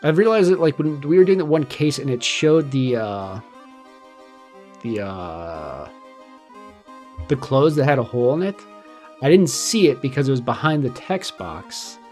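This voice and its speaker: A young man chats casually as he streams a game, thinking out loud with small restarts and fillers. His pitch moves a lot from line to line, and faint game music plays under his voice. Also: lively intonation, unhurried, pauses often. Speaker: VTuber streamer. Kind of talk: casual gameplay commentary.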